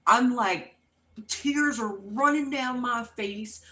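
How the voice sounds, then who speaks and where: A middle-aged woman hosting a livestream, chatting casually and telling an unhurried story with laughs while she crafts. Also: on the high side, echoey room. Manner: animated and expressive when acting out quotes. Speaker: livestream host.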